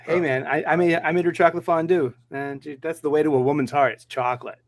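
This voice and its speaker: A man bantering on a comics panel, boastful and quick to laugh. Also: on the high side, fairly even intonation. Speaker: podcast panelist. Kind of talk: casual chat.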